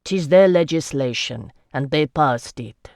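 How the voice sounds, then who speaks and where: A tired merchant nobleman speaks slowly and evenly, keeping his patience in a tense family dispute, as the narrator reads him. The voice sits at a middling pitch in a dry, close recording. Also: smooth, dry recording, natural voice. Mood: weary. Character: weary male merchant noble, reasonable.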